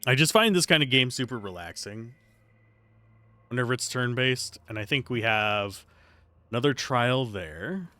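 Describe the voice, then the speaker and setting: Man streamer, bright, animated, casual wry commentary. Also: medium pitch, moderate pace. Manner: laid-back, wry, thinking aloud. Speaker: let's play streamer.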